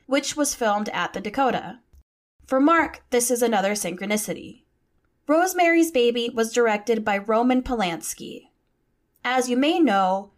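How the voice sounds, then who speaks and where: A woman hosting a podcast, telling a true-crime story in a chatty way, swearing casually and reading out quotes. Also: on the high side. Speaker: podcast host.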